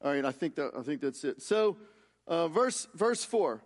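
High-voiced man preaching a sermon. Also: very animated, moderate pace. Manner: reads scripture aloud, then explains with frequent restarts. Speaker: pastor.

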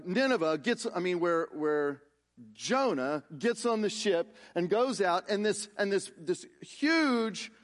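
A man preaching a sermon, reading scripture aloud and explaining it with frequent restarts. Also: high voice. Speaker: pastor.

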